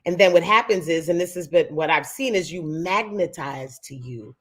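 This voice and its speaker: A woman co-hosting a casual chat, talking in a lively, emphatic way. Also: fairly low pitch, normal speed. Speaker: co-host.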